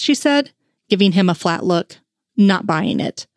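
A woman's voice: medium pitch, animated, unhurried, darkish tone, no echo, clean studio sound. A woman narrating a fan fiction story aloud, reading the dialogue with light shifts of tone. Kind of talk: audiobook narration.

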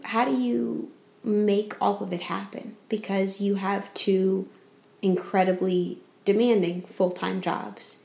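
A woman's voice: medium pitch, flat delivery, takes it slowly, creaky, a little mellow, roomy sound. A woman hosting a podcast, asking her guest questions in a conversational, attentive way. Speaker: podcast host. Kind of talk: interviewing a guest.

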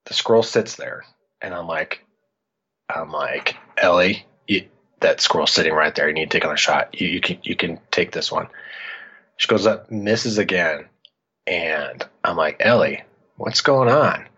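A man's voice: low voice, moderate pace, slightly rough. A middle-aged man from Iowa, a podcast guest, telling a story in casual chat and acting out what he said back then. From Iowa, United States. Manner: animated, acts out his own past lines. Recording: dull lo-fi audio.

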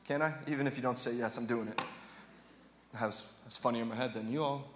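A man's voice: medium pitch, fairly even intonation, fast talker, background noise. A man preaching a sermon in a church, conversational and joking, then rising to passionate emphasis. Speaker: pastor. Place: church sanctuary. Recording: echoey hall reverb.

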